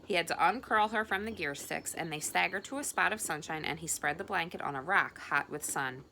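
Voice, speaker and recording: Woman narrating an audiobook, bright voice, lowish pitch, expressive. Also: a little fast, creaky, a little hiss or hum. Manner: expressive, with small slips. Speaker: audiobook reader.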